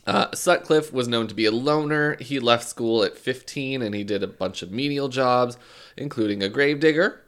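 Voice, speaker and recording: A man's voice: mid-range voice, normal speed, fairly bright tone. A man co-hosting a podcast, chatting loosely and telling a true crime story with jokes and swearing. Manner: swearing, joking, loose and offhand. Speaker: podcast co-host.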